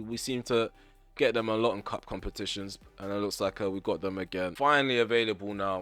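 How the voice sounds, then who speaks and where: Hoarse, ranting young man commentating gameplay. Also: fairly low pitch, fairly bright tone. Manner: frustrated, ranting, blunt with mild swearing. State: voice getting hoarse. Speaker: gaming YouTuber.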